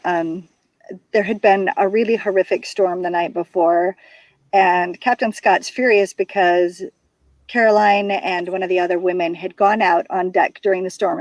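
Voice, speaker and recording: A woman author telling scenes from her book in casual chat, animated and full of restarts. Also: mid-range voice, a little slow, no room sound, poor audio. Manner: animated retelling with restarts and repeats. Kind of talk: casual chat about writing.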